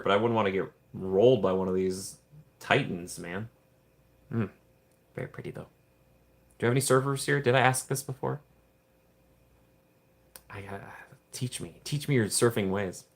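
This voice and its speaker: A man's voice: fairly low pitch, normal speed, long pauses. A man hosting a casual livestream, rambling and joking while he reads viewer chat. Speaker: livestream host.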